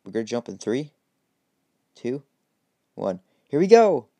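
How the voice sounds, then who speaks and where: A man voicing an eager young hero boy in a homemade game story, speaking up louder and more excitedly than his narration. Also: lowish voice, normal speed, natural voice.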